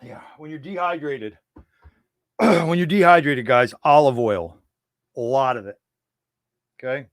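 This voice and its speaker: A man's voice: medium pitch, a little slow, pauses often, no echo, clean studio sound. A man hosting a casual livestream, rambling in irreverent, conspiratorial banter with his chat. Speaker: livestream host.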